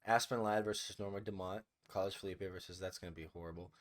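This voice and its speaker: Fast-talking and deep-voiced, a young man co-hosts a podcast with fairly even intonation. He keeps things casual, tossing in sarcastic, dry remarks that come out half-mumbled.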